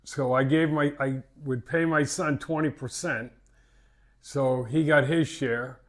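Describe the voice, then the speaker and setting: This older man, a fishing captain from Massachusetts with a Boston accent, speaks unhurriedly in a medium pitch with fairly even intonation. He tells stories in a casual interview, wandering off track and repeating words.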